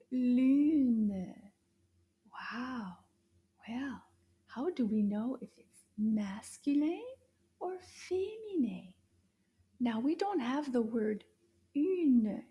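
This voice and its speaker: A woman teaching French to children, speaking slowly and drawing out each word, praising often. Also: on the high side, warm tone. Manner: slow, drawn-out repetitions of French words with frequent praise. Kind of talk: slow, encouraging kids' language lesson.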